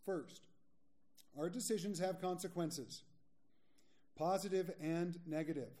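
A man's voice: sits high, dark tone. Candid, joking male pastor preaching. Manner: candid, joking, slows for emphasis. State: a little sleepy. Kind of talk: sermon.

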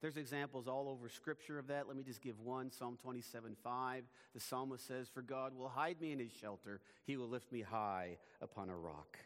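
A man preaching a sermon as pastor, in a measured, emphatic way, his phrases often falling away at the ends. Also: medium pitch, fairly bright tone, long reverb tail.

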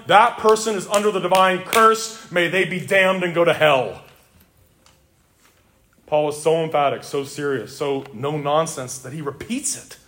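Male pastor, emphatic sermon delivery, slightly higher voice, deliberate scripture reading. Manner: emphatic, swings between loud declarations and low intense asides.

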